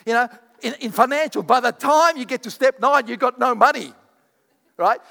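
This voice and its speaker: A man preaching a sermon, swinging between loud proclamations and quieter asides. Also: very high voice, moderate pace, gravelly, long reverb tail. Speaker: pastor.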